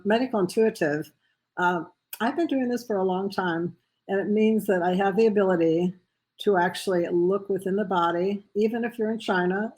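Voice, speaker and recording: A woman answering questions as a guest on a radio interview, halting with frequent ums and uhs. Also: mid-range voice, darkish tone, rough recording. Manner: hesitant, many ums and uhs. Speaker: guest, medical intuitive.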